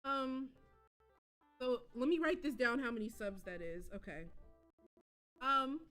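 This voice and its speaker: A young woman chats casually with her live-stream audience in a high, bright voice that leaps all over the place. She takes her time between thoughts, then bursts into excitable shrieks and laughter. Soft game music sits faintly behind her. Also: measured pace. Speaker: livestream host.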